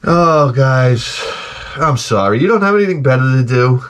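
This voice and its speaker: A man's voice: medium pitch, normal speed. A man giving a profane, rambling comic rant to camera. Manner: profane, animated, jumps between tangents. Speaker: vlogger.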